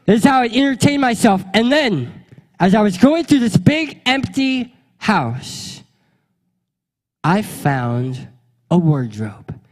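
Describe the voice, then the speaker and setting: A young adult man, a pastor, telling a funny childhood story in an animated way and acting out the voices of the people in it. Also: high-pitched, takes it slowly, long reverb tail. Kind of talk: storytelling sermon.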